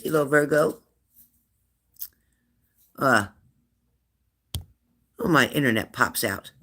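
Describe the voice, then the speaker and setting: A middle-aged man hosting a casual livestream, chatting with viewers, teasing them and repeating his questions. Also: medium pitch. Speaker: livestream host. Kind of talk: casual livestream chat reading viewer comments.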